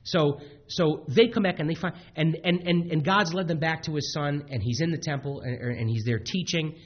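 A man preaching a sermon in a halting way, with frequent restarts and fillers, on a dull lo-fi recording. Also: on the high side. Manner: halting, many restarts, acts out quotes.

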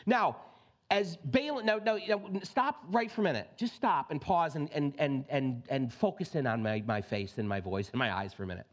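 A male pastor preaches in a high voice that swings widely in pitch. He mixes scripture reading with chatty, direct asides to the congregation, and his delivery is lively and conversational. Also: moderate pace. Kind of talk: sermon.

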